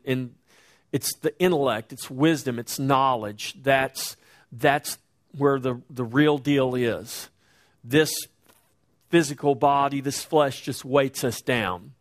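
A middle-aged pastor preaching a sermon in a conversational way, slowing down to stress key words. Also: male voice, medium pitch.

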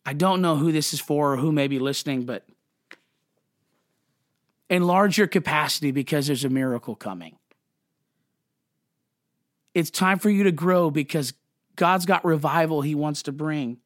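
A man hosting a podcast, talking fervently and emotionally in a preachy devotional way, quick, then slowing on emphatic words. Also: a little high, dry recording, clean studio sound. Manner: fervent and emotional, restarts and apologizes. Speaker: podcast host.

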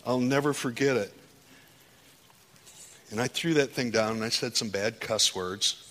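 Impassioned preacher in a reverberant hall. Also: male voice, medium pitch, measured pace, a bit bright. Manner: testimony building to impassioned, rising preaching. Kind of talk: sermon.

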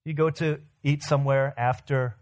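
A man's voice: mid-range voice, steady tone, normal speed, a little mellow. Male pastor, mid-range voice, conversational sermon with rhetorical questions and acted quotes.

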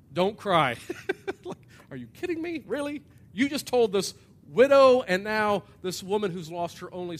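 A man preaching a sermon in a church, animated, acting out voices and swinging from loud to hushed. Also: sits high, slight background noise. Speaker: pastor. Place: church hall with an audience.

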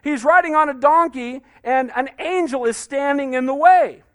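High-voiced man preaching, dry close sound. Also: moderate pace, a bit bright, no echo. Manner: conversational preaching, asks "Amen?" often, acts out quotes. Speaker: pastor. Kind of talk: sermon.

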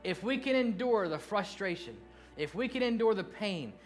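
A middle-aged man preaching a sermon, earnest, dropping to hushed slow lines and then rising into animated bursts. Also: sits high, soft background music. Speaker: pastor.

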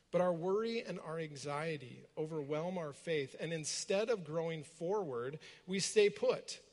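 A man with a somewhat high voice delivers a sermon, walking his listeners through the story and pausing on rhetorical questions. His voice rings out with a long reverb, as in a large hall. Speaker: preacher. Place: room with a gathered congregation.

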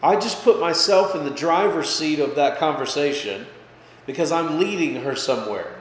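Speaking at a normal pace with a fairly high voice, a pastor teaches Bible study in a relaxed, chatty manner. He keeps asking "okay?" and "right?" and lifts his voice to stress points, while faint noise hangs in the echoing hall.

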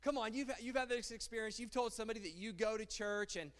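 High-voiced man preaching in a hall. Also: fast talker. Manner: animated, rhetorical, repeats phrases. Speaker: pastor. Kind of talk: sermon. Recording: long hall reverb.

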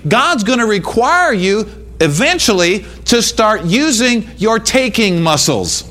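A man preaching a sermon in church, emphatic and repetitive, now and then breaking into shouts. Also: very high-pitched, very animated, normal speed. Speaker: pastor. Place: church sanctuary.

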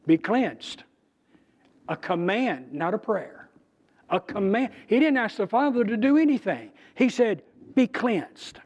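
A man teaching from the Bible in a conversational, emphatic way, pausing and restarting as he goes. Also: sits high, sing-song, darkish tone, lo-fi sound. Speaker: preacher.

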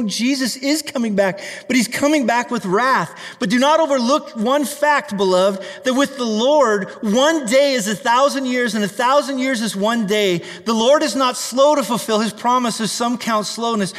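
A male pastor preaches with fervor, reading scripture aloud and urging his listeners. His voice sits very high for a man. The recording carries a long, echoing reverb, as in a large hall. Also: fairly bright tone. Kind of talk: sermon.

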